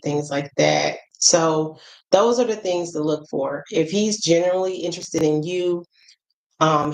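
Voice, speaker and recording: A woman's voice: deep voice, darkish tone, poor audio. A middle-aged American woman with an African American English accent, giving frank, chatty advice straight to the camera with lots of asides and fillers. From United States. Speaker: travel vlogger. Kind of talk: casual advice chat to camera.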